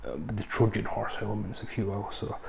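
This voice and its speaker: A man with a low, gravelly voice gives a loose, conversational film review to camera. He wanders off on tangents and fills pauses with ums. Faint ambient noise sits under the close mic. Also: fairly even intonation. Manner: rambling, conversational, frequent ums and asides. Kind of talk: casual film review chat.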